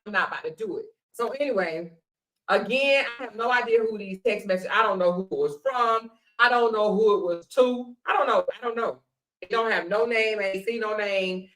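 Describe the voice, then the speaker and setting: A woman's voice: medium pitch, pushed and bright, low-quality recording. Sassy woman hosting a commentary show. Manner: sassy, drawn-out exclamations. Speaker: show host.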